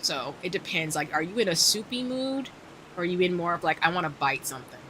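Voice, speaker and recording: A woman's voice: on the low side, big pitch swings, fast, fairly bright tone, slight background noise. A woman streamer chatting casually while gaming, telling a rambling story and laughing often, on a desk microphone.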